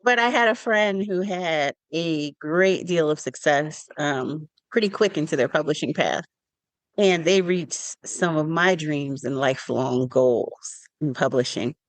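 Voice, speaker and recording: A writer hosts a casual podcast, speaking in a measured, deliberate way and steering where the conversation goes next. The voice sits close and dry, with no room echo. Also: medium pitch.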